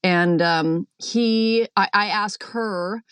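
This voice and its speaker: A woman's voice: mid-range voice, drawn-out words, clean tone, dry recording. Woman calling into a podcast from a boat, rambling through a dream story, lots of "like" and "um", dry close sound. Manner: chatty, animated storyteller, many fillers, acts out quotes. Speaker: caller. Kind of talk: recounting a dream on a call-in show.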